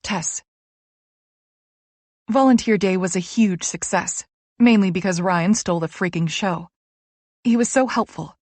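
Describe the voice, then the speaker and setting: A woman narrating a first-person romance audiobook with a lively, wry storytelling manner. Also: medium pitch, dry recording.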